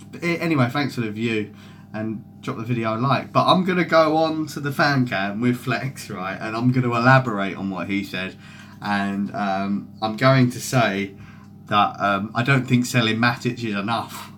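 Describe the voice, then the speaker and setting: A young man's mid-range, fairly bright voice carries a bit of hiss or hum as he chats casually on a football fan stream. He's sweary and rambling, reading out chat comments as he goes.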